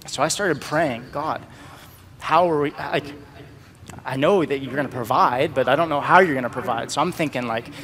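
A man sharing a personal testimony as a storytelling sermon, acting out the dialogue in a lively way. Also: mid-range voice, normal speed, big-room sound, a little hiss or hum.

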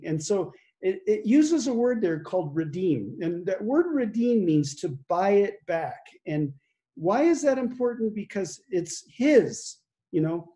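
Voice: medium pitch, dark tone. A pastor giving conversational Bible teaching and reading scripture aloud, with fillers and chuckles.

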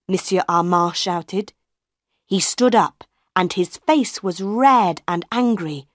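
A woman narrates a graded-reader story in a slow, deliberate, carefully clear manner. Her voice sits a little low. The recording is dry, with no room sound. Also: no room sound. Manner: slow, clear, measured reading. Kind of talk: scripted audiobook narration.

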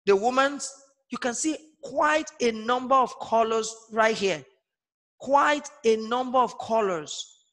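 A man gives an online lesson to primary school pupils, talking slowly and repeating each point so the children follow along. He keeps stopping to ask his class questions. His voice rings with a long reverb, as if he were recorded in a hall. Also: high-pitched, sharp tone. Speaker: teacher.

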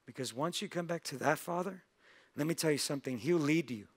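A man's voice: fairly high pitch, brisk. A male pastor giving a sermon in a church, telling a story and acting out its characters' lines. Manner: storytelling with acted-out voices.

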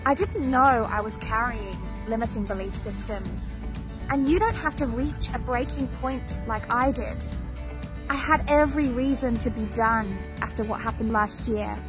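A woman coach speaks in an earnest, emphatic motivational voice-over. Her voice sits a little high, and a clear music track plays beneath her. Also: moderate pace. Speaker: business coach.

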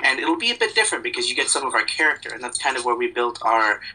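A man's voice: mid-range voice, big pitch swings, very fast, pushed and bright, slightly rough, poor audio. Rambling, joking young man. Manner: rambling, joking, self-deprecating. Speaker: podcast guest. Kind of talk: casual chat.

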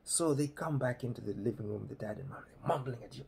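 A man with a Kenyan accent telling a funny personal story in a playful, animated way. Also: medium pitch, fast, creaky, a little hiss or hum.

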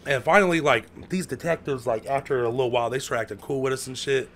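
An American man telling a story in casual chat, full of slang, who acts out quotes with sudden loud outbursts. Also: mid-range voice, fast talker, slight background noise. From United States. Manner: heavy slang, lots of "bro" and "like".

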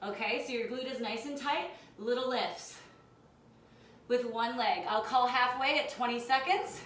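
A young woman coaching a home workout over a phone livestream, upbeat and a little breathless as she counts reps and calls out to viewers. Her voice sits fairly high and her delivery is unhurried. The phone is set away from her in an echoey room. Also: a bit bright, slight background noise. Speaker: fitness instructor. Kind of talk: live workout class instruction. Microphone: phone on a live stream. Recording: echoey room, mic far off.

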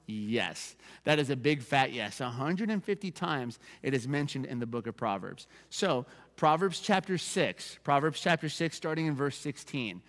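A man's voice: mid-range voice, animated, normal speed, few pauses, a bit bright, big-room sound. A man preaching a sermon as pastor, conversational, repeating verse references and checking in with the congregation. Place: church sanctuary.

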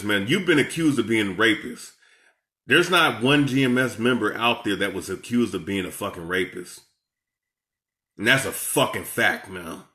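A man's voice: fairly low pitch, pushed and bright. A man giving heated, profane reaction commentary as an online preacher, confronting and scolding his rivals. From Seattle, USA.

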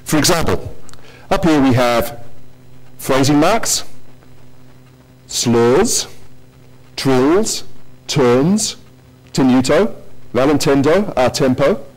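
Animated man giving a technical talk. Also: medium pitch, takes it slowly, long pauses, poor audio. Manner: animated, joking asides to the audience. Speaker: conference presenter. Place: lecture hall.

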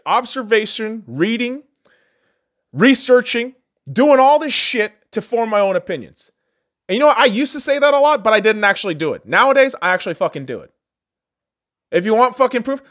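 Male podcast host, furious profane rant, very lively pitch, shouts then mutters. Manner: angry, insulting, swings between yelling and muttering.

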